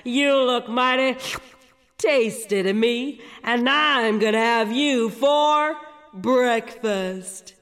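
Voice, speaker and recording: A woman voicing a hungry, greedy troll who talks slowly and gruffly. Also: fairly high pitch, fairly bright tone. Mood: menacing.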